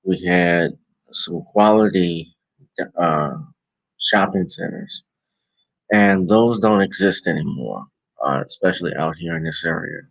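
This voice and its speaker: A man's voice: sits low, unhurried, creaky, long pauses, no room sound, low-quality recording. A tired man with a New Orleans accent, talking casually on his live stream as a vlogger and podcast host, rambling and correcting himself. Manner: rambling, relaxed, self-correcting. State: tired and yawning.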